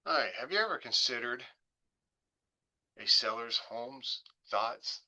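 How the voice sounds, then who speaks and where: Bright-voiced man leading a guided visualization. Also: mid-range voice, lively intonation. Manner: slow, coaxing, imaginative storytelling. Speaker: real estate agent hosting a webinar.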